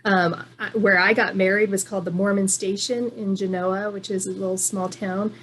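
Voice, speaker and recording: A woman chatting casually as a guest from Reno, halting, with many fillers and restarts. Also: medium pitch, flat delivery, a little hiss or hum. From moved to Nevada from elsewhere. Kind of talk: casual online chat.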